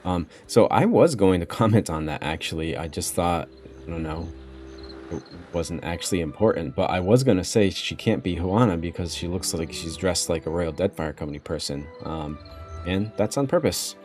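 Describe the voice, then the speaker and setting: Deep guy reading game text and rambling thoughts on it, quiet music under. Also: moderate pace. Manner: musing, loose and chatty asides. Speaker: game lore narrator.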